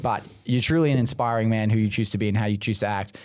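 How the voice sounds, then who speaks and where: An Australian man, a podcast co-host, telling sweary, animated stories in casual chat. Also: lowish voice, fast. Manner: swears a lot, animated storytelling with acted-out quotes.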